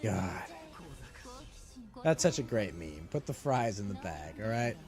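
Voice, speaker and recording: A man's voice: lowish voice, sing-song, unhurried, music in the background. A man hosting a casual stream, ranting and mocking in a crude, joking way with bursts of laughter. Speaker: streamer host. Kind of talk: casual livestream chat.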